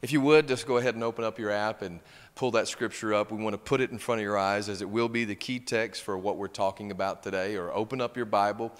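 A man's voice: lowish voice, fairly even intonation, fast talker. A male pastor preaching a sermon, reading scripture and stressing key words with emphasis. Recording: long hall reverb.

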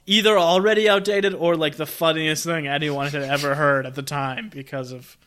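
A man with a bright, forceful voice and a slightly high pitch, chatting casually about movies. He is enthusiastic and chuckles through his points, like a podcast co-host in a relaxed review. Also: normal speed. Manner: enthusiastic, chuckles while explaining. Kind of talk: casual film review chat.

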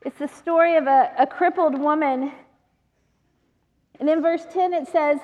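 Woman preacher, high voice, animated storytelling, laughs a lot, long hall reverb. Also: a little slow, pauses often, dull audio. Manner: animated, laughs often while telling stories. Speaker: women's ministry speaker. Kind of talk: sermon with personal storytelling.

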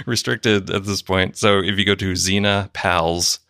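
Low gravelly man, laid-back podcast co-host. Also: fairly even intonation, a little slow, pushed and bright, no room sound, clean studio sound. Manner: laid-back, laughs easily. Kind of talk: casual chat and podcast outro.

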